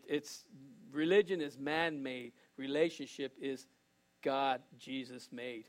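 High-voiced older male pastor preaching. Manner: earnest, repetitive, restarts phrases, addresses congregation directly. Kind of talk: sermon.

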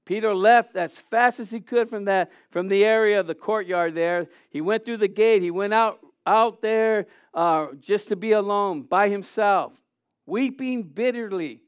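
Male preacher, high and smooth voice, dry close sound; animated, reads scripture, quizzes the room. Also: unhurried, dry recording, lo-fi sound. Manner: animated, acts out scenes, asks the audience questions. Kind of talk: sermon with scripture reading.

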